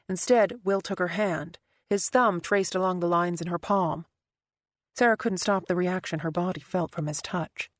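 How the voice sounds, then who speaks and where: Woman narrating an audiobook, low and dry. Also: dry recording. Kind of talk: scripted narration.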